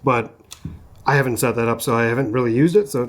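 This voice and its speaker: A man's voice: mid-range voice, fast talker. Casual chatty young man from Minnesota. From Minnesota, USA. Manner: relaxed and chatty, with lots of fillers like "like" and "um". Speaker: host, photographer. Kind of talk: casual chat reviewing a lens. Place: outdoors at a rocky sunset spot. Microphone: compact shotgun mic on camera.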